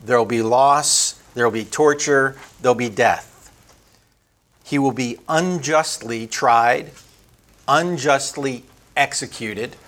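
A man teaching a conversational Bible lesson, emphatic, building up lists and slowing down on key words. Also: medium pitch, fairly bright tone.

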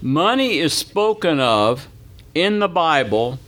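A man's voice: on the high side, very animated, slow, a crowd in the background. Folksy older male pastor teaching a class. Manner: folksy, asks the audience questions, tells anecdotes. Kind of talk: interactive Bible class teaching.

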